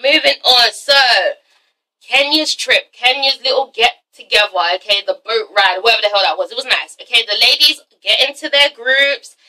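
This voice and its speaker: Young woman, high bright voice, blunt and sweary reviewer, a bit far from the mic. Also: moderate pace. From England. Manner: blunt, swears a lot, repeats "okay?". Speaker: reality TV reviewer. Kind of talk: casual commentary vlog.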